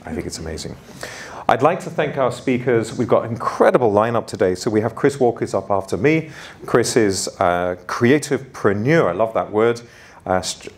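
A man opens a conference as keynote speaker. His voice sits somewhat low, and his delivery is informal and self-deprecating. Fillers come often as he talks. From London.

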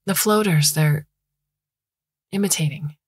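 A woman voicing a calm, wry woman scientist explaining her ideas. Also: sits low, measured pace, slightly rough, dry recording, clean studio sound. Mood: earnest.

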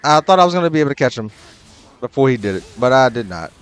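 A young adult man commenting on his own ranked matches, swearing often and breaking into loud, exasperated outbursts. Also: medium pitch, very animated, fast, clean tone, soft background music. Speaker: gaming channel host.

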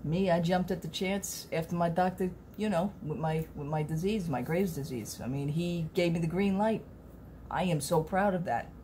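A woman's voice: fairly low pitch, normal speed, dark tone, a little hiss or hum. A middle-aged woman, chatting to camera in a rambling, earnest way as a vlogger. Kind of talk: casual chat to camera.

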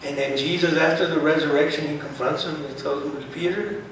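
A man preaching a sermon with fervor, at times breaking into shouts and dropping in Spanish words. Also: on the high side, little pitch movement, fairly quick, slight background noise. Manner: fervent, rising to shouts, mixes in Spanish words. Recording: echoey room, voice far from the mic.

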